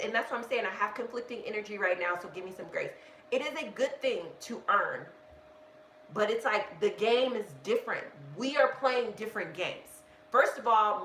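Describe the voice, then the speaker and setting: A woman hosting a live budgeting stream, talking in a casual, animated rant and often restarting with "like.". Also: medium pitch. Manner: animated, self-interrupting, heavy use of "like". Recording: echoey room with faint background noise.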